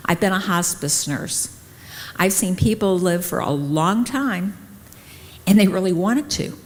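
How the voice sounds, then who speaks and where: Middle-aged woman telling a story in a reverberant hall. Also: on the low side. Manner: lively, acts out quoted dialogue. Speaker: nurse and conference speaker. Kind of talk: personal storytelling talk. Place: conference hall.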